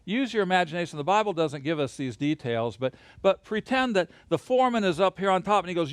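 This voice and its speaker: Animated man teaching to camera. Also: high-pitched, fast talker, hardly any pauses, smooth, dry recording, clean studio sound. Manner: animated, playful, leads hand motions. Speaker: Bible teacher. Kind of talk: recorded Bible lesson to camera. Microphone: camera mic.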